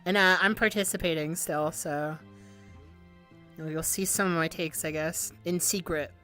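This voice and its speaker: A woman hosting a casual livestream, answering viewer questions in a rambling, excitable way, swearing and laughing often. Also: fairly low pitch, normal speed, soft background music. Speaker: VTuber livestream host.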